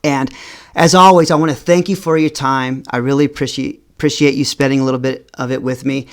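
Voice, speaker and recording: A middle-aged vlogger tells his viewers a personal tale in a steady tone. He still speaks haltingly and repeats himself, his voice climbing and dropping in pitch and loudness.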